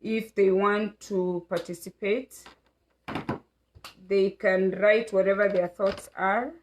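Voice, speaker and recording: A woman's voice: medium pitch, fairly even intonation, slow, a little hiss or hum, low-quality recording. A middle-aged woman from Kenya hosting a casual family livestream, talking in a rambling way with many fillers.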